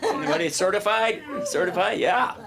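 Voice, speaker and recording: A man's voice: high voice, expressive, moderate pace, vocal fry. A man doing self-deprecating stand-up on a club stage, quizzing the crowd. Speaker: stand-up comic. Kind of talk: stand-up comedy.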